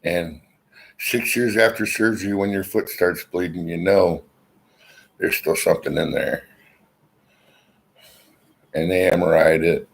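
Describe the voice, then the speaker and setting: A middle-aged man with a very low, gravelly voice talks to his viewers from his armchair. His rambling, blunt chat is full of swearing, and it is picked up by a laptop's built-in mic. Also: steady tone, a little slow, long pauses, low-quality recording. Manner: rambling, profane, blunt storyteller. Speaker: vlogger. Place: at home, seated in an armchair.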